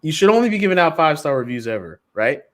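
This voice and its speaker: Jokey animated podcast co-host man. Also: a little high, racing. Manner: animated, jokey, swings loud and soft. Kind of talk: casual chat with show promos.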